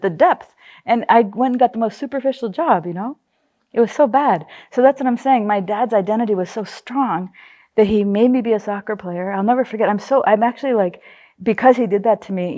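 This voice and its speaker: A woman's voice: medium pitch, a little mellow. A middle-aged woman teaching psychology in a casual way, telling personal stories, acting out the voices she quotes and laughing often.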